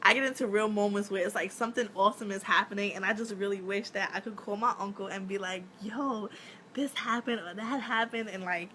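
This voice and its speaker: A woman in her thirties, an actress chatting casually on a live stream, telling animated stories, laughing often and swearing freely. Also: mid-range voice, fairly quick, a little hiss or hum. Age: 30s.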